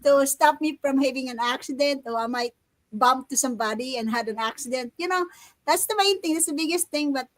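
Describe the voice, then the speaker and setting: A woman's voice: high-pitched, a little fast, no echo, rough recording. A woman on a video call telling a story in a casual chat, laughing and restarting her sentences. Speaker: accountability partner sharing in a group chat.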